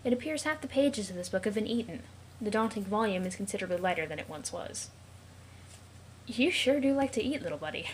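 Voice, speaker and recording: A woman's voice: medium pitch, lively intonation, a little fast, poor audio. Casual female host reading comic text, mock-dramatic, jokey asides, light background noise. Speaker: let's play host reading a web comic.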